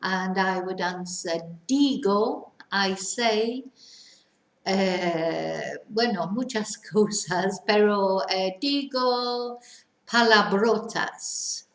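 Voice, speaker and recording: Female language teacher, unhurried and clear, recorded in a reverberant room. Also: mid-range voice. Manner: models sentences slowly and clearly, then translates. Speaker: Spanish teacher. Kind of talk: slow language lesson. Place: lives in a Spanish village. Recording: echoey room.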